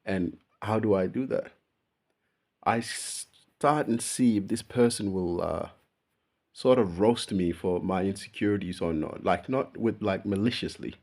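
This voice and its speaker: A man's voice: low voice, measured pace. A young man chatting casually to camera in a laid-back, slangy way, often calling the listener bro and laughing at himself. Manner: relaxed slangy talk, calls the listener bro; laughs at himself while telling stories. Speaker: vlogger. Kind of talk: casual personal chat to camera.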